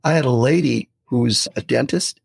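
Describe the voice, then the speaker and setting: A man in his sixties, a podcast guest, telling lively stories and acting out quotes in casual talk. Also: mid-range voice, normal speed, gravelly, breathy edge, no echo, studio quality. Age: 60s. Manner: storytelling, lively, animated quotes.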